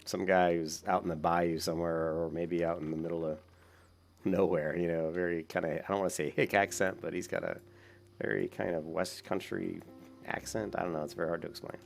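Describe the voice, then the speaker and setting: A man with a deep, creaky voice chats casually about his game as he plays. He wanders between thoughts and leans on fillers. Faint music sits underneath. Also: level tone, brisk. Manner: rambling, with many fillers. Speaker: gaming YouTuber. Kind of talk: casual gameplay commentary.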